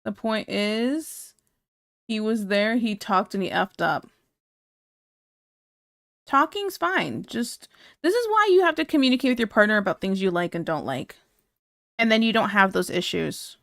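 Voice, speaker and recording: A woman's voice: mid-range voice, expressive, unhurried, gravelly, pauses often, a bit bright, dry recording, clean studio sound. A woman live streamer chatting casually with her viewers, blunt and candid, laughing often. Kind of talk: casual chat reacting to viewer comments.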